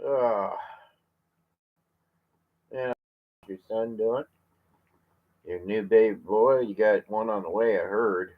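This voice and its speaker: A man from California on a live vlog, chatting from his chair at home in a slow, rambling way, full of fillers and restarts. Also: fairly low pitch, steady tone. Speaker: vlogger. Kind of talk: rambling live-stream chat. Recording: slightly muffled lo-fi audio.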